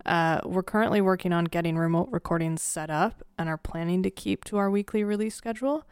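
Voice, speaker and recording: A woman's voice: fairly low pitch, brisk, darkish tone, clear, resonant tone, no room sound, clean studio sound. A woman co-hosting a true crime podcast, giving an earnest, chatty announcement with casual fillers.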